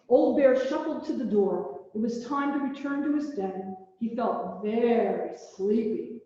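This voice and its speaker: A woman reading a children's story aloud at a church service, gentle and expressive. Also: fairly high pitch, a little slow. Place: large echoey church hall. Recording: distant, dull, echoey hall recording.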